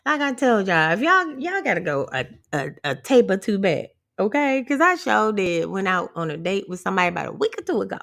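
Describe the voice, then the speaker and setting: A woman's voice: mid-range voice, sing-song, fairly quick, gravelly, hardly any pauses, a bit bright. A woman vlogger giving a casual motivational rant to viewers. She is blunt and profane, sassy, and laughs often. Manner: sassy, talks straight to viewers. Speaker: empowerment vlogger.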